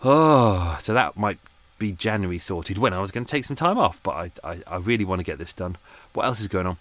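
A man's voice: low-pitched, expressive, fairly quick, a bit bright, no room sound. A man hosting his podcast in a casual, rambling, self-deprecating chat with many restarts. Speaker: podcast host. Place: at home on a boat.

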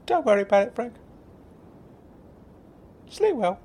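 A man voicing a grown man with a squeaky, high-pitched silly voice in an audio sitcom, mild and stammering. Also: sing-song, unhurried, a little mellow, slightly rough, heavily acted. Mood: placid. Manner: mild, stammering, good-natured.

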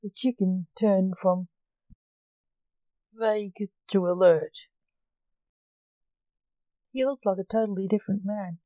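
A woman narrates a short story in an even, unhurried reading voice. Her tone is mellow and soft-edged, and the recording is dry and close to the mic. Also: mid-range voice, dry recording, low-quality recording.

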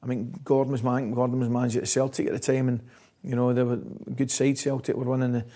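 A man's voice: mid-range voice, quick pace. A man with a Scottish accent, a former football coach, telling stories in an interview, laughing often and checking in with "right?". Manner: lively storyteller, laughs often, says "right?" constantly. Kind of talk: anecdotal interview chat.

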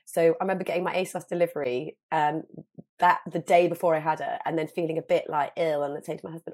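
Woman, 30s, guest, casual chat, lowish pitch, lots of fillers. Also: fast talker. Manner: chatty, animated storytelling with many fillers.

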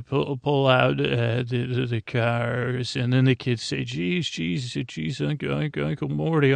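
A man hosting a podcast, telling a rambling bedtime story in a meandering, stumbling, deliberately dull way. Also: mid-range voice, gravelly, smooth, no echo. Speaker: podcast host.

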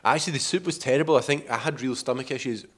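Lively man telling a story. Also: medium pitch, fast talker. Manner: animated, acts out quotes, laughs often. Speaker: cyclist telling a trip story. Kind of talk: casual storytelling over footage.

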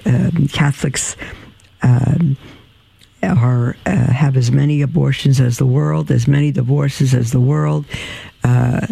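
A tired man hosting a religious radio program, answering listener mail in a halting, plain-spoken way with many ums and restarts. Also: mid-range voice, creaky, warm tone, rough recording. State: tired and yawning. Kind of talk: religious call-in radio talk.

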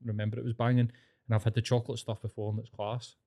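A man's voice: mid-range voice, fast talker, gravelly. A young Scottish man co-hosting a podcast, swearing a lot as he rants in casual chat. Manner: sweary, ranting, animated. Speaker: podcast co-host.

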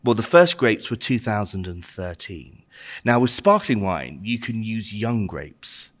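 A man's voice: fairly low pitch, sing-song, a little slow. A man hosting as the wine expert, explaining things eagerly with rambling asides. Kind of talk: casual chat.

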